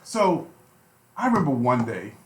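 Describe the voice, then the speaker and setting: A man's voice: mid-range voice, sing-song, a little slow, reverberant. Impassioned man on talk radio. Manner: impassioned, preachy, repeats phrases for emphasis. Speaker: radio show co-host. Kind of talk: heated talk radio discussion.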